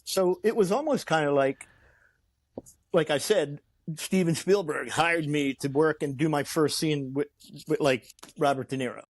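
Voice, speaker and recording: A man with a slightly high voice speaks a bit slowly as a guest on an interview show. Telling a long story with lots of energy, he performs the voices of the people in it and keeps restarting his sentences.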